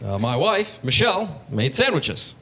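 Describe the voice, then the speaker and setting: A man doing an impression of a calm male president, speaking in a slow, deliberate oratorical cadence. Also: a little high, a little hiss or hum, pitched above the performer's own voice, heavily acted. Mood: measured.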